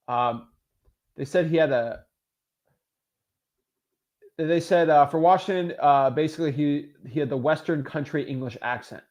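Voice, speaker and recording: A man's voice sitting a little high for his sex, talking in a casual, emphatic livestream style. He coaches real estate wholesalers and fires back answers to viewer comments with motivational punch. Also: a little mellow, muffled recording.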